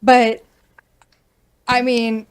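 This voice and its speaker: A woman's voice: a little high, level tone, extremely slow, clean tone. A woman realtor hosting a casual talk show, speaking frankly and venting her frustration. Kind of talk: casual chat.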